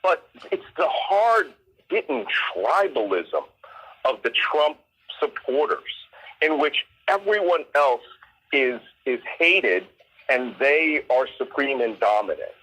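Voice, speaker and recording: A man's voice: mid-range voice, big pitch swings, slow, fairly bright tone, slightly rough, rough recording. A man from Philadelphia, a guest commentator, speaking with emotional passion. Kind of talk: impassioned political commentary.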